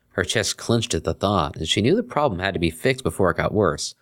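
A man narrating a fan fiction story in an expressive reading. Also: low-pitched, brisk.

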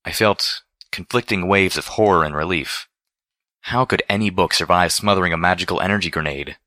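A man reading a first-person story aloud in a measured, deliberate way. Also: low-pitched, pushed and bright, no room sound. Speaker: audiobook reader.

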